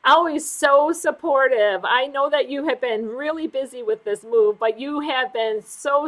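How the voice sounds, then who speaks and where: A high-pitched woman hosts a casual livestream and reads out viewer comments. She gushes with emotion, laughs easily and keeps repeating words as she thanks her viewers. She sounds middle-aged and is from the United States. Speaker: livestream host.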